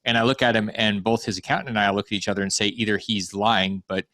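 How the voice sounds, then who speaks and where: A man in his fifties from Montana, a podcast guest telling stories in a quick, wry and blunt way. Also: lowish voice, steady tone, bright, forceful tone, no echo. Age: 50s. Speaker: guest author and financial mentor. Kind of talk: casual interview chat.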